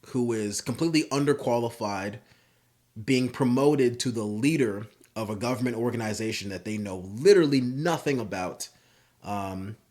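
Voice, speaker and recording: A man's voice: mid-range voice, a little mellow. Casual rambling young man riffing. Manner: rambling, filler-heavy, profane. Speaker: YouTube commentator. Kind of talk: casual comedic commentary.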